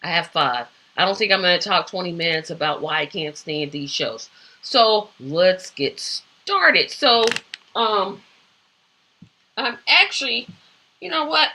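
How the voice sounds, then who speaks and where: Woman host, bright tone, chatty rambling opinions, fillers throughout. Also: lowish voice, a little hiss or hum. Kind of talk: casual solo talk show.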